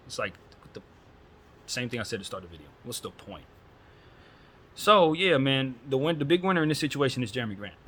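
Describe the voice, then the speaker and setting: A man's voice: lowish voice, fairly bright tone, a little hiss or hum. A man hosting a casual solo basketball chat, talking bluntly and with strong opinions, using casual slang. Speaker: basketball commentary host.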